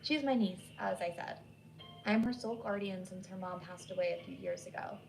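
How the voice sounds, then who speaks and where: A woman's voice: fairly low pitch, a little fast, vocal fry, rough recording. A woman voicing a flustered, chatty nurse in her thirties who gushes apologetically, with faint music behind. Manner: gushing, apologetic, nervous laughs.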